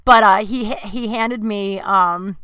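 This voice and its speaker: A young woman spins a long comic story in a bright, forward voice. She rambles and doubles back, then acts out the quoted lines with big swings. The recording is close and dry. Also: mid-range voice, slow pace, clean tone, no echo. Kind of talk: comedic storytelling.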